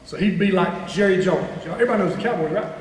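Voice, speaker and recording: A man's voice: high voice, quick pace. A middle-aged man, a former head coach giving a rambling, folksy motivational talk at a club meeting. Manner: folksy storytelling, rambling with restarts. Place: banquet room. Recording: echoey hall, distant mic, faint noise.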